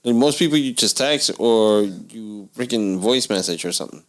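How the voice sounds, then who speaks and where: A man's voice: lowish voice, lively intonation, normal speed. A man co-hosting a casual comedy podcast, telling stories and acting out phone calls in raised, put-on voices. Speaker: podcast co-host.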